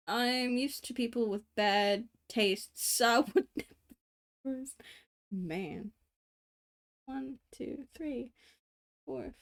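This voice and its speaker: A woman's voice: a little high, vocal fry. Australian woman, late twenties, streamer, casual chat while drawing, rambling, swears, laughs a lot. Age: late 20s.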